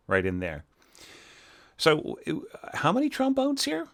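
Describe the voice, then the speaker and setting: A man's voice: on the low side, very animated, moderate pace, sharp tone. A middle-aged man critiquing an orchestral score in a casual, chatty way, full of fillers and sung-out musical phrases. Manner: chatty, filler-heavy, sings phrases with nonsense syllables. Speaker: orchestration teacher giving feedback.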